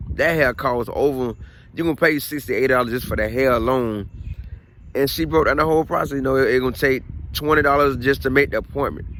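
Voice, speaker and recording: A man's voice: mid-range voice, fairly bright tone, a little hiss or hum. Chatty man telling a family story. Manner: conversational, repeats phrases, frequent "you know what I mean". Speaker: vlogger. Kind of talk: casual storytelling vlog.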